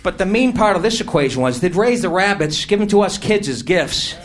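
A brash male stand-up comedian with a high voice, swearing and mocking his way through his set on a handheld mic. Audience laughter comes up between his lines, and the live club recording carries clear noise. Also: animated, a little fast. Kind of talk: stand-up routine.

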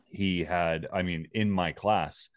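A man's voice: deep voice, fairly even intonation, takes it slowly, dry recording, clean studio sound. A man casually telling a personal story, rambling and swearing freely.

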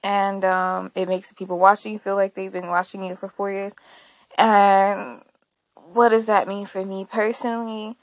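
A woman's voice: medium pitch, flat delivery, moderate pace, dry recording. A woman hosting a casual solo podcast, talking candidly and rambling, often laughing and swearing along the way. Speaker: podcast host.

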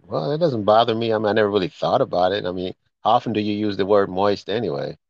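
Deep-voiced man, dry, slightly dull sound. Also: quick pace, vocal fry, no echo. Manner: joking, drops into gangster impressions. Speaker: podcast co-host. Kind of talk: casual chat.

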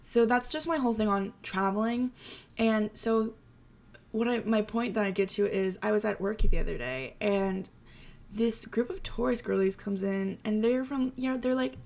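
A woman's voice: mid-range voice, normal speed, creaky, a little mellow. A young adult woman hosting a solo podcast, talking in a chatty, casual way with lots of "like" fillers. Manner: chatty, full of "like" and "you know" fillers. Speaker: podcast host.

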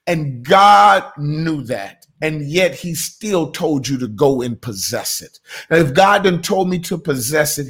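A man preaching a podcast sermon with emphatic, rhythmic repetition that builds into shouted declarations. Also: medium pitch. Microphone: podcast recording.

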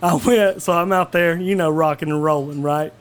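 A man's voice: a little high, steady tone, normal speed. A man co-hosting a casual chat, telling a story in a teasing, profane, laughing way. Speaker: podcast co-host.

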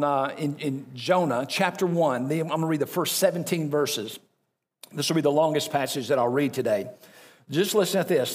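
A man's voice: a little high, husky. A man preaching a sermon as pastor, reading scripture aloud and breaking off into conversational asides to the congregation.

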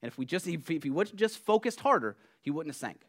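Male pastor preaching, earnest and chatty, soft then emphatic. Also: fairly high pitch, very animated, fast talker. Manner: earnest, conversational, swings between soft and emphatic. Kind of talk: sermon.

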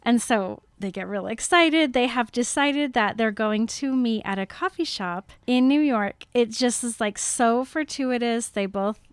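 A woman's voice: on the high side, a little slow, few pauses, smooth, no room sound. A woman casually recapping a film in a chatty talk show, acting out the scenes in quoted voices. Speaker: podcast co-host.

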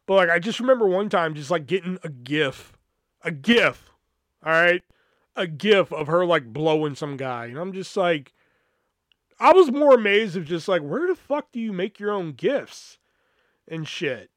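A man's voice: high voice, lively intonation, a little slow, fairly bright tone, no room sound, clean studio sound. A man hosting a podcast, telling a personal story in a rambling, profane, casual way full of fillers. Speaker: podcast host.

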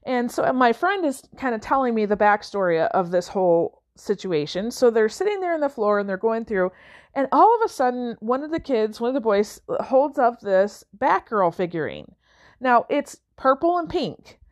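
A woman's voice: on the high side, big pitch swings, moderate pace. Chatty woman telling a story. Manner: chatty, with fillers and acted-out quotes. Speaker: speaker on coaching and mentoring. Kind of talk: conversational storytelling talk.

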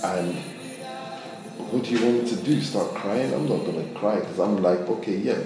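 A man preaches in a loose, conversational way, acting out little quotes as he goes. His voice sits a bit low and rings around a very echoey room. Music plays clearly underneath him. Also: normal speed, distant mic. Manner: conversational, animated, acts out quotes. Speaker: pastor. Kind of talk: sermon.

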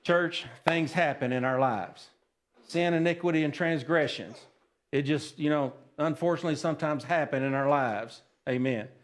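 A man preaching a sermon at a church service, plain-spoken and folksy, often checking in with the congregation. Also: a little high. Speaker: pastor.

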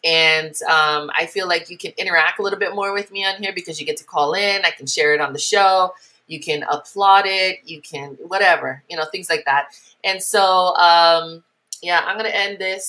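A woman's voice: on the low side, moderate pace. A woman in her late thirties hosting her own podcast, telling a story in a casual rant with lots of swearing and acted-out voices. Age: 30s. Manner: animated storytelling, acting out voices, swearing freely. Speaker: podcast host.

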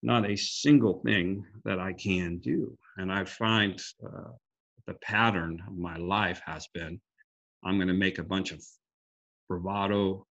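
A man with a very low voice speaks earnestly about faith, quoting scripture and often restarting his sentences. His voice is gravelly and husky. The sound is a little dull, as if it comes over a call. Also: steady tone, a little slow, a bit bright. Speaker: guest speaker sharing a devotional. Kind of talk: reflective faith talk. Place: group call.

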